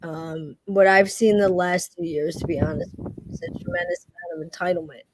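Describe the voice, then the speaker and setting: A woman's voice: lowish voice, fairly even intonation, normal speed, background noise. A woman guest on a live video chat, speaking frankly and emphatically. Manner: emphatic and frank, many affirming murmurs. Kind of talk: casual live-stream chat.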